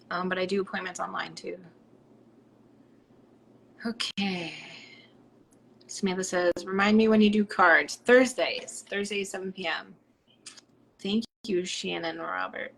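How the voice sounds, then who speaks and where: Hosting a live stream as a psychic medium, a woman from Rhode Island chats bubbly and reads viewer comments aloud, at times falling into soft whispers. Her medium-pitched voice is gravelly, and there's a little hiss or hum.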